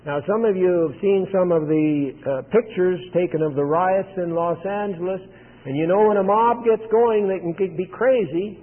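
A man preaching a sermon, retelling a scripture scene in plain storytelling with frequent pauses. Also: high voice. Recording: tinny phone-like sound with long hall reverb.

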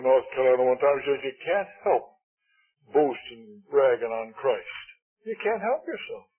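A man preaching a sermon in a folksy, emphatic way, swinging between loud appeals and hushed asides. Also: a little high, slightly rough. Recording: tinny lo-fi old recording.

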